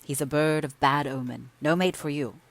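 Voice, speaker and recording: A woman narrating a classic novel as an audiobook, in a measured, expressive storytelling manner. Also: low-pitched. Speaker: audiobook reader.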